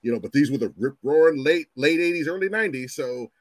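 Man, 50s, storyteller guest; lively swooping delivery, salty language, dry close sound. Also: a little high, fast, dry recording. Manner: animated, profane, acts out voices in his stories. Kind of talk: casual storytelling chat.

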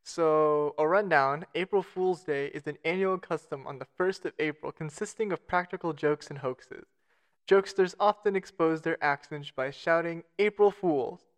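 A man's voice: a little high, normal speed, clean tone. A man co-hosting a casual podcast, reading out facts with self-mocking jokes and stumbling over foreign names. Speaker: podcast co-host.

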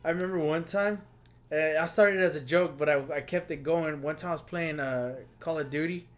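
A young man co-hosting a podcast, telling stories in a playful, animated way. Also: a little high, fairly quick. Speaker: podcast co-host. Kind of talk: casual chat.

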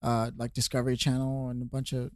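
A man's voice: mid-range voice, monotone, fast, darkish tone, dry recording, clean studio sound. A man co-hosting a podcast, musing and philosophizing in a loose, filler-heavy way. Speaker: podcast co-host. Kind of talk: casual podcast chat.

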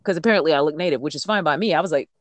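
A truck driver from the United States tells road stories in a casual podcast chat. The voice sits in the middle of the pitch range and is recorded dry and close. The delivery is animated and blunt, with swearing and words repeated when the feelings run high. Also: racing, dry recording.

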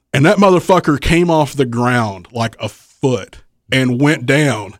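A man's voice: medium pitch, slow pace, dry recording. A man telling a rowdy story on a podcast, swearing freely, laughing often and acting out the lines of the people in it. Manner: profane, animated, laughs often, acts out quotes. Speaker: wrestling promoter, guest.

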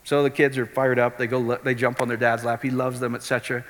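A middle-aged man preaching a sermon, animated and often checking whether his listeners follow. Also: mid-range voice, fast. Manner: animated, keeps asking the crowd if it makes sense. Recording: long hall reverb.

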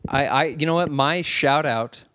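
A man co-hosting a casual podcast, with a voice that sits a little high. He tells his stories with animated, offhand energy and swears freely, and the recording is dry with no room sound. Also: a little slow, dry recording. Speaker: podcast co-host. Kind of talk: casual chat.

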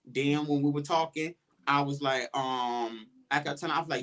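A man's voice: a little high, normal speed. A man hosting a podcast in casual chat, telling stories and acting out his own past lines with animation. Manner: animated storytelling, quotes himself in raised voice. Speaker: podcast host.

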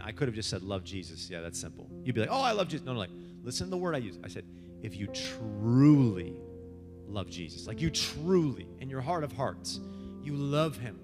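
A man preaching a sermon as pastor, passionate, with big swings between loud, high lines and quiet, low ones. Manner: passionate, rises and drops sharply in pitch and volume. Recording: long hall reverb with guitar music.

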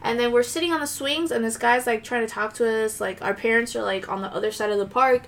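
A young woman on a podcast, telling stories in casual chat, swearing freely and animated. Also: a little high, fast talker. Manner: profane, animated storytelling. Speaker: podcast host.

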